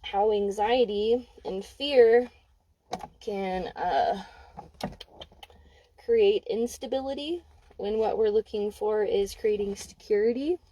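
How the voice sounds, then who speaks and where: A woman's voice: medium pitch, slow, pauses often, warm tone, low-quality recording. A young adult woman giving a casual spoken card reading, candid and emphatic, swearing freely. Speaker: intuitive card reader. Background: dog barking.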